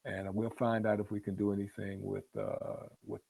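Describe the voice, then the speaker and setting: A man's voice: on the low side, flat delivery, moderate pace, gravelly, a little mellow, slightly rough. A man leading a spiritual book discussion in an earnest, repetitive teaching manner that builds to emphatic peaks. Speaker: book club leader.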